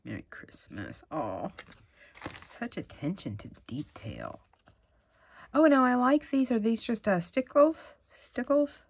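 A middle-aged woman, chatting casually and gushing excitedly as she opens craft mail at home. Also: mid-range voice, takes it slowly, breathy edge. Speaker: crafting vlogger. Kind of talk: casual unboxing chat.

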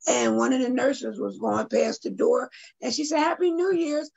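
A woman's voice: on the high side, moderate pace, vocal fry, darkish tone, breathy edge, dull audio. A middle-aged woman, a guest artist and poet, earnestly telling a personal story on a video call and speaking directly to her listeners.

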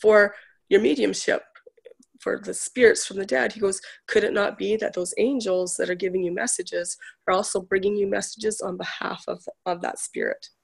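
A woman's voice: mid-range voice, fairly even intonation, normal speed, gravelly, husky. A woman guest, a spiritual healer, chatting casually in a talk show and retelling a conversation in a storytelling way. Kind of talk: casual chat.

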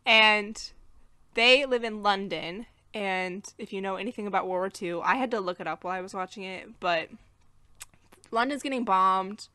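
A woman's voice: mid-range voice, pushed and bright, no echo. An American woman co-hosting a podcast, chatting casually through a movie review and recapping the plot, laughing at her own slips. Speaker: podcast co-host.

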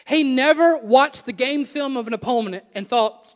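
A young adult man preaching a sermon, with animated repeated refrains and self-deprecating jokes. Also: very high voice, normal speed, hardly any pauses, in a large hall. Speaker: pastor. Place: church sanctuary.

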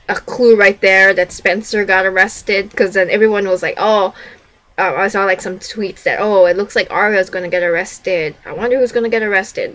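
A young woman chatting excitedly as she reacts to and recaps a TV episode, gushing and exclaiming as she goes. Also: medium pitch, poor audio. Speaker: TV reaction vlogger. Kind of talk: casual live reaction and recap.

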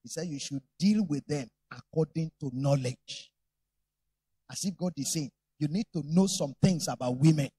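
A man's voice: fairly high pitch, normal speed, husky, dry recording. A man preaching a sermon, telling stories with humor and acting out voices. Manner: animated, humorous storytelling.

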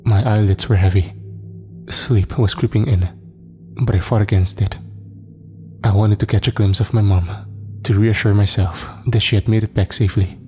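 A man narrating a horror story in a measured, dramatic, scripted style. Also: lowish voice, fairly even intonation, mellow. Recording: long reverb, faint music.

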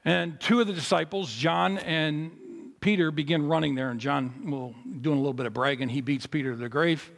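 A pastor giving a sermon at a memorial service in a chapel, telling a story with big swings between loud, high moments and low, quiet ones. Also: male voice, a little fast, vocal fry, in a large hall. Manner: animated storytelling with big swings in pitch and loudness.

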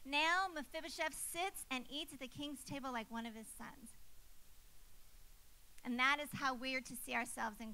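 A woman's voice: high voice, bright, forceful tone, smooth, low-quality recording. A young woman preaching a sermon, emphatic and repeating key phrases for effect.

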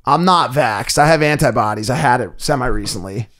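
Animated, swearing man telling stories. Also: medium pitch, a little fast. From part Italian heritage. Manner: animated, profane storytelling with put-on voices. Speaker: podcast guest. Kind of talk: casual podcast chat.

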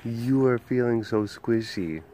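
A man's voice: medium pitch, a little slow, warm tone, a little hiss or hum. A man keeping big cats at an animal facility, chatting casually and cooing at them in gushing baby talk. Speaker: big cat keeper and video host. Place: outdoors at a wild animal facility.

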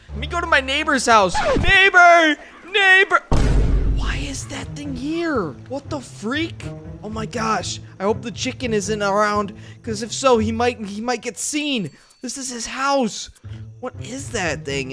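A young man giving excited gameplay commentary, jumpy and yelping and shouting in panic. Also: very high voice, a little slow. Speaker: gaming YouTuber. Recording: music playing behind the voice.

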